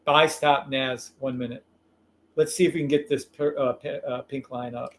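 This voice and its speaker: A man hosting a live trading stream, calling trades in an excitable, profane, loud way. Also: medium pitch, moderate pace, slight background noise. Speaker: livestream trading host.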